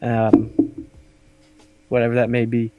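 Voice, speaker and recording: A man's voice: medium pitch, completely flat delivery, slow, dark tone, no room sound, muffled recording, soft background music. A young man co-hosting a casual podcast, talking loosely with lots of swearing and laughter. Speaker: podcast co-host. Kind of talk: casual chat.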